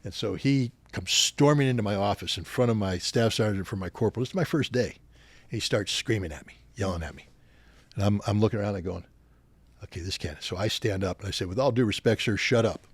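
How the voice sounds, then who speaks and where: A man's voice: lowish voice, a little fast, slightly rough, dry recording. A man in his sixties, a podcast guest, telling anecdotes with animation and acting out the officers he quotes. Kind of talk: storytelling in a podcast interview.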